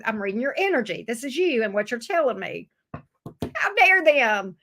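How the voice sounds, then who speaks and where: A woman talks through a tarot reading in a loose, chatty way. Her voice sits a bit high and swings widely up and down as she acts out the viewer's side. She swears freely and keeps the energy animated. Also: moderate pace. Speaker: tarot reader. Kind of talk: casual tarot reading to camera.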